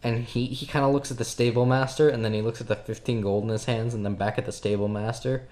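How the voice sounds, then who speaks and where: A man's voice: medium pitch, fairly even intonation, fast, darkish tone. A man running a tabletop game as game master, narrating in a loose, laughing way full of fillers.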